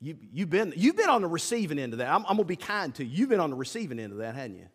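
A male pastor with a drawl preaches in a folksy, lively style, his fairly high voice leaping up and down in pitch. The sound carries a long church reverb. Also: very fast, husky. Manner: folksy, animated preaching with acted-out asides. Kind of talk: sermon. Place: church sanctuary.

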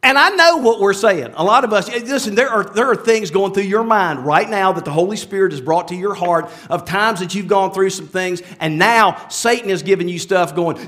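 A man's voice: high voice, fairly quick, few pauses, fairly bright tone. A man preaching a sermon in a conversational way, with many asides and restarts, often asking the listeners rhetorical questions. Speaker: pastor.

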